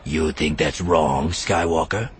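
A man's voice: very deep voice, some chatter behind, slight background noise. A man growling as a suspicious alien detective. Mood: suspicious, blunt. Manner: slow, flat, accusing delivery.

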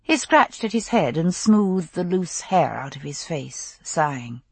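A woman narrates a first-person novel in a low, husky voice. Her delivery moves widely in pitch, expressive and intimate. The recording is dry and close. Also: measured pace, few pauses, dry recording. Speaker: audiobook narrator.

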